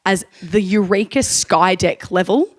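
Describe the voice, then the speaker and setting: A woman's voice: medium pitch, unhurried. An Australian woman co-hosting a podcast, telling stories in a casual chat and acting out what people said. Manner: animated storytelling, acting out quotes. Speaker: podcast co-host.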